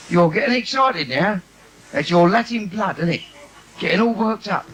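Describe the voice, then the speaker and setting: Brash comic working a live cabaret crowd, higher-pitched and very lively delivery, bawdy and cheeky, on a noisy 1980s theatre recording. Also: male voice, normal speed, vocal fry. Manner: brash, cheeky, breaks into shouted asides. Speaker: stand-up comedian. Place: live theatre stage with audience.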